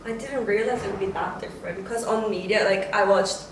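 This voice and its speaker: Woman, mid-pitch, British-tinged accent, easygoing chat; distant, echoey take. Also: a little fast. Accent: English partly picked up in Britain. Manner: relaxed, repeats "yeah" a lot. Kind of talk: casual chat. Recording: echoey room, from off-mic, faint hiss.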